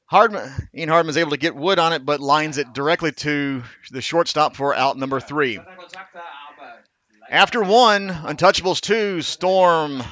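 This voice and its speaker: A man calling baseball play by play in a steady, measured way, now and then correcting himself. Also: a little high, lo-fi sound. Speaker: play-by-play announcer.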